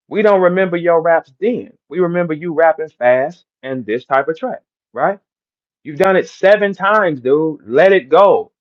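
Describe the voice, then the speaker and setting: A man's voice: a little high, lively intonation, normal speed, highs cut off. A man from St. Louis with a St. Louis accent, boasting and trash-talking in a brash, repetitive live-stream rant. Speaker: battle rapper hosting a live audio room.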